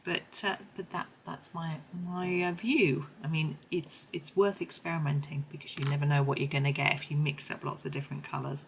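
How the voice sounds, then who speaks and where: Hoarse, low-voiced woman. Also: level tone, a little fast, hardly any pauses, slight background noise, low-quality recording. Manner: chatty, meandering, self-correcting. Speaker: colouring tutorial host. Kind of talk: casual tutorial narration.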